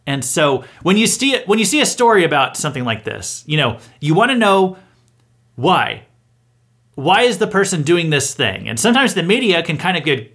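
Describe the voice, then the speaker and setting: A man's voice: a little high, a bit bright. Sarcastic male political commentator. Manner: sarcastic, mocking, chuckles between points. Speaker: host of a satirical news round-up. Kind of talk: opinionated political commentary monologue.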